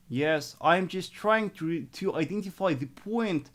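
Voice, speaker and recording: Guy doing a live trading stream, kinda high voice, keeps going "yes" and restarting, step by step. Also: animated, a little slow, hardly any pauses. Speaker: forex trading coach. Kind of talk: live market analysis stream.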